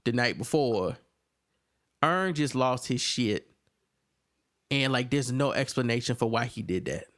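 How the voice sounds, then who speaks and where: A man co-hosting a podcast, casually recapping an episode and jumping up in pitch when he acts out the characters' lines. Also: a little slow, long pauses. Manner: animated retelling, acts out characters' lines in a raised voice. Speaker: podcast co-host reviewing a TV episode. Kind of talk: casual chat, recapping scenes.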